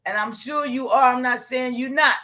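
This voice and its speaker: Excitable high-voiced woman preaching. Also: normal speed. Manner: preachy, excitable, calls out to viewers, bursts into shouts. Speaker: livestream host. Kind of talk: impassioned livestream talk.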